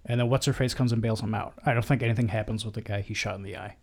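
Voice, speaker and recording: A man chatting casually about a film he loves, eager and halting, full of restarts. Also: lowish voice, steady tone, darkish tone. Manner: enthusiastic, halting with many likes and restarts. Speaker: podcast co-host.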